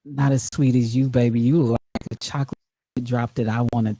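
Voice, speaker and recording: A woman voicing a smooth-talking flirty man at a bar, crooning in a low put-on voice. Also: steady tone, brisk, mellow, a little hiss or hum, rough recording.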